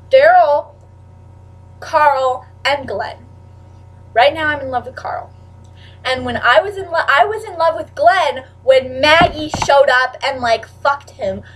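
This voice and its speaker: A teenage girl chatting casually to camera in a rambling way, full of "like" and with sudden loud outbursts. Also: high-pitched, far from the mic, rough recording. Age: teens. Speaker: vlogger.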